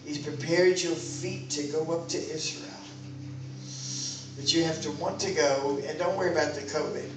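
A woman preaches with fervent, exhorting energy, her voice climbing to loud calls. The sound is heavily echoey and picked up from a distance, with music playing clearly behind her. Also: low voice, fairly even intonation, normal speed. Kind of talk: sermon. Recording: very echoey room, mic far off, music behind.

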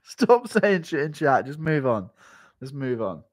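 A man's voice: mid-range voice, sing-song, a little slow. A man chatting casually on a livestream, joking crudely with his chat and constantly breaking into laughter. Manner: giggly, keeps breaking into laughter.

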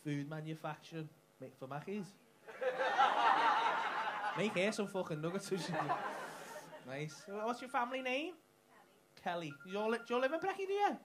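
A man's voice: high-pitched, lively intonation, normal speed, pauses often. A man doing crowd work in a comedy club, sweary and mocking, ranting at the audience and laughing through his lines. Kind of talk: live stand-up crowd work. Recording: live club recording with audible noise.

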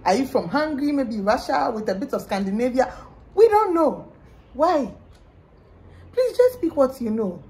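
Animated young woman vlogging. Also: high-pitched, moderate pace. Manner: animated, exclaiming, mock-exasperated. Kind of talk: casual chat.

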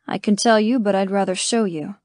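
A woman reading an audiobook, voicing an eager, teasing cowboy in a lowered, playful tone. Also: fairly even intonation, brisk, a little mellow, no room sound, close to an everyday voice.

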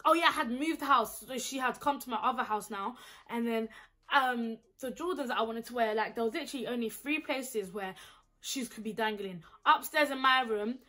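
A young woman with a London accent, telling a storytime vlog in an animated, indignant, slang-heavy way. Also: fairly high pitch, moderate pace. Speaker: vlogger.

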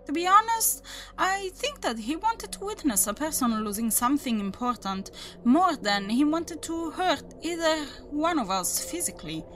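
A woman voicing a calm, polite male demon hunter who speaks in a matter-of-fact way. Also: high-pitched, moderate pace, soft background music, pitched above the performer's own voice.

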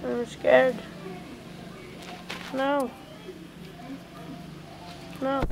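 A woman narrates her gameplay in a slightly high voice, drawing out her words very slowly. She is jittery, swears often and keeps repeating the same exclamations. Steady background noise runs under the whole amateur recording. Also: creaky. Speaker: gamer playing a horror game. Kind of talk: casual let's-play commentary.

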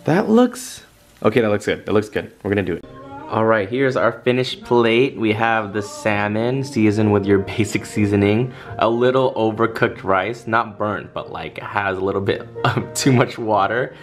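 Young male vlogger, low-pitched voice, relaxed slangy delivery, clear lo-fi music bed under him. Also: normal speed. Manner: laid-back slangy talk. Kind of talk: casual vlog chat. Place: home kitchen and grocery store.

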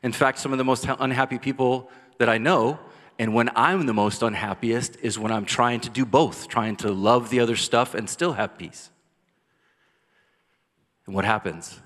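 A man preaching a sermon as pastor, rising to intense cries and dropping to soft, quiet lines. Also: mid-range voice, fairly even intonation, moderate pace. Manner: passionate preaching, builds to loud cries then drops soft. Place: church sanctuary. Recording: long church hall reverb.

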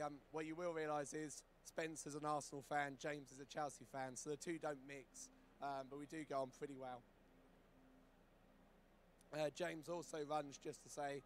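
A hoarse man presenting a talk to a live conference audience. His voice sits a little high, and he speaks in a friendly, relaxed way with plenty of ums. Faint noise lingers under his speech. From United Kingdom.

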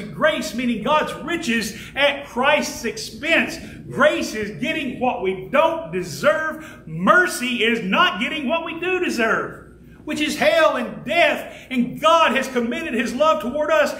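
Preacher guy, really high bright voice, fervent, booming in an echoey church. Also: a little hiss or hum. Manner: fervent preaching, swelling to shouts and slowing for emphasis. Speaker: pastor. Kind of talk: sermon. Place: church sanctuary. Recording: echoey church room with faint ambience.

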